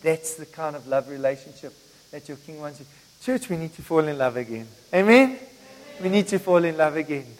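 A middle-aged pastor with a voice that sits high for a man preaches briskly and conversationally to his congregation, weaving in personal stories. The long reverb of a church hall surrounds him, and faint music plays in the background.

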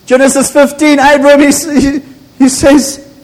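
A man's voice: very high voice, little pitch movement, measured pace. A man, a pastor preaching an impassioned, emphatic sermon in a church. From South Africa. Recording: echoey church hall.

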